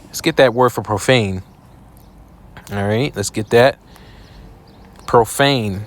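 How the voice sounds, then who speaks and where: A man preaching scripture commentary while reacting to a video, profane and scornful, reading verses slowly. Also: on the low side. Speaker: online preacher.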